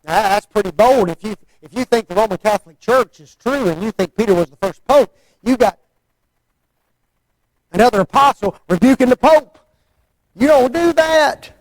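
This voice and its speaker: A man's voice: high-pitched, moderate pace, dry recording, rough recording. A man preaching a sermon in a folksy, conversational way, often asking the listeners rhetorical questions.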